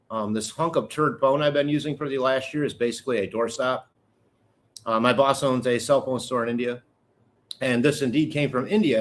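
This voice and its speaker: A middle-aged man hosting a casual live chat with viewers, talking in a rambling, candid way with joking asides. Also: mid-range voice. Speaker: livestream host.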